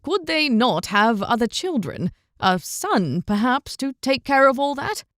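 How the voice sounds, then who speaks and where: A woman's voice: sits high, big pitch swings, a little slow, fairly bright tone, dry recording, clean studio sound, full character voice. A woman voicing a courteous young male knight in an audiobook, speaking politely and with measure. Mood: measured.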